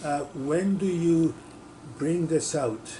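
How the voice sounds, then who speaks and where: A man's voice: a little high, takes it slowly, dark tone, a little hiss or hum. A man in a workshop audience, earnestly making a point about clinical timing, with hesitant restarts. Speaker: workshop participant. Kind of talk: question from the floor.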